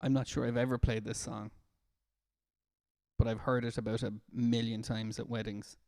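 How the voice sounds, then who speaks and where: A man's voice: mid-range voice, level tone, normal speed, a little mellow, no echo, studio quality. A man with an Irish accent, a music therapist, chatting casually on a live stream and reading out viewer comments with easy laughter. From Ireland. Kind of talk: casual chat to a live stream audience between songs. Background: acoustic guitar.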